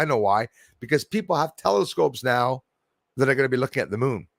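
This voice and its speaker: A man's voice: medium pitch, no room sound, studio quality. A man vlogging space news, reading headlines aloud and rambling into skeptical asides, often restarting his sentences.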